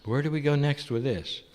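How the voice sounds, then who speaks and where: Lively-voiced man channeling a spiritual teaching. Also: mid-range voice. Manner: addresses listeners as dear one, rhetorical questions. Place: live audience event. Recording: echoey hall.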